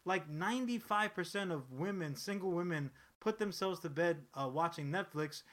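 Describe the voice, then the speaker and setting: A man with a slightly high, sharp and tense voice chats casually as a podcast co-host. He rambles through the story, swears freely and keeps restarting his sentences. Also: moderate pace. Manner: rambling, profane, animated storytelling with frequent restarts. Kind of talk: casual chat.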